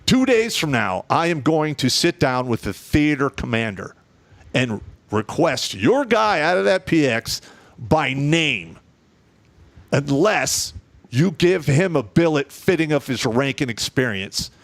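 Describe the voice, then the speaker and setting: In a casual chat, a middle-aged man appears as a guest spinning profane, blunt war stories from his time in the army, told with animation. His voice is on the high side and unhurried. The sound is dry.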